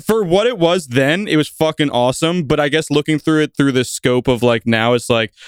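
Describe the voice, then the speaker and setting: A man's voice: fairly high pitch, fairly quick, clear, resonant tone, no room sound, studio quality. A man in his twenties chatting and joking as a podcast guest. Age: 20s. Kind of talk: casual chat.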